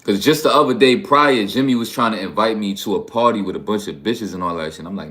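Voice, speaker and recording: A man's voice: lowish voice, fast talker, hardly any pauses, a bit bright. A man from New York hosting a livestream, talking bluntly and profanely in a rambling, casual way. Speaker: livestream host.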